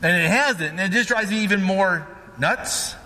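A man's voice: sits high, normal speed, bright, forceful tone, long reverb tail. A man preaching a casual sermon as pastor, talking conversationally and often checking in with "right?".

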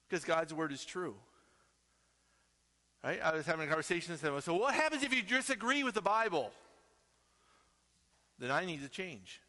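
A man's voice: high voice, pushed and bright. A middle-aged man preaching a sermon as pastor, emphatic and full of rhetorical questions, in a church sanctuary. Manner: emphatic, peppered with rhetorical "right?". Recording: long reverb of a large hall.

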